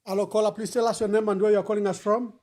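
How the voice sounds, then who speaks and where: A man hosting a call-in show, giving brisk, formulaic prompts to callers. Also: high voice, little pitch movement, a little mellow. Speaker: host. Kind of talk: talk show hosting calls.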